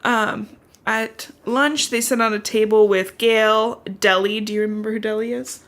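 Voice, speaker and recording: Bright, chatty young woman, casual recap. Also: a little high, fairly even intonation, normal speed. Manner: chatty, profane, uses many fillers. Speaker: podcast host. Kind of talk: casual book recap chat.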